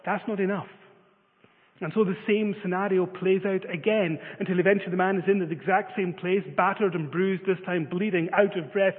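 A man preaching a sermon, telling a story with many filler uhs. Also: high-pitched. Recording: phone-like reverberant sound.

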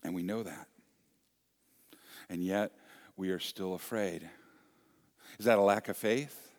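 A pastor delivers a sermon earnestly and repetitively, swinging between soft near-whispers and loud emphasis. His voice is low-pitched and his pace measured.

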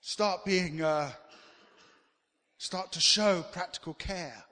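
Animated preacher man in echoing hall. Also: sits high, takes it slowly. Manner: animated, swinging from loud to quiet. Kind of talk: sermon. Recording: long hall reverb.

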